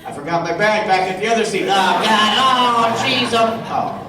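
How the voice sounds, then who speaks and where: Man putting on a frantic whiny con-goer, higher pitched, loud echoey hall, mic far off, crowd noise. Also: moderate pace, natural voice. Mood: panicky. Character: flustered nervous male con-goer, panicking.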